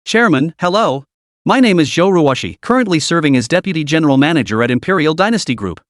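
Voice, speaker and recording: A man's voice: fairly high pitch, animated, quick pace, no room sound, close to an everyday voice. A man voicing a flirtatious, scheming female deputy manager with a teasing inflection, read in a dry recording.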